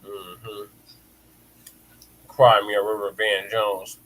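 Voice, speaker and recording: A man's voice: on the low side, level tone, slow pace, fairly bright tone, low-quality recording. A man co-hosting a casual political chat, mostly chiming in with short agreeing replies and chuckles. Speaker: co-host.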